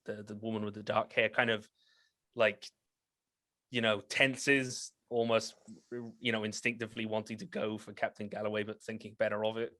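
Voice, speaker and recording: Man, game master, low voice, flat delivery, rambling with fillers, dry close sound. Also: no echo. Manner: rambling, many fillers and restarts, laughs often. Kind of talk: narrating a tabletop game.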